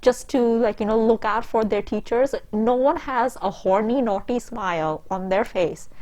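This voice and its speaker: A woman's voice: fairly high pitch, normal speed, darkish tone. A woman giving sarcastic, exasperated commentary on a book she reads aloud, with lots of fillers. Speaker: comedic book reviewer. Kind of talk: mocking reading and commentary.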